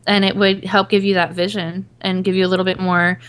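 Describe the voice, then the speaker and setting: A woman on a gaming podcast panel, calmly explaining strategy in casual chat with plenty of fillers. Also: medium pitch, fairly quick, smooth.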